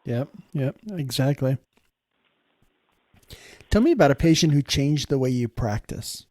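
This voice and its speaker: A man hosts a podcast with a relaxed, mellow voice and asks short, affirming questions. The sound is dry and close. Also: mid-range voice, measured pace, no echo. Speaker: podcast host. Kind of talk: interview questions.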